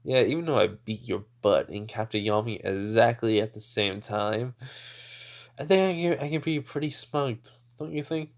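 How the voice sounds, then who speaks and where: A man's voice: medium pitch, moderate pace, close to an everyday voice. A man doing a smug, cocky young fighter. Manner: boastful, teasing.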